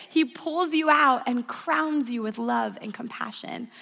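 A woman's voice: high voice, normal speed, gravelly, few pauses, bright, forceful tone. A woman in her thirties giving an earnest sermon, telling stories and leading call-and-response. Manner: earnest, storytelling, leads the audience in call-and-response. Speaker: speaker at a church service. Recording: long hall reverb.

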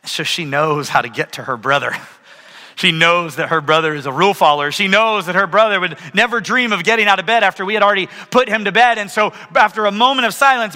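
Bright-voiced man preaching in a hall. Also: high voice. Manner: animated storytelling, asks audience for raised hands. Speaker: pastor. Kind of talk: sermon. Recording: long reverb of a large hall.

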